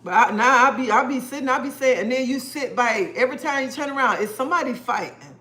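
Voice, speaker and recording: A woman's voice: high-pitched, fast, few pauses, bright, forceful tone. A middle-aged woman talking earnestly on her livestream, repeating her points and greeting viewers by name. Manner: earnest, preachy, repeats herself. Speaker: livestream host. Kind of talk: casual livestream talk.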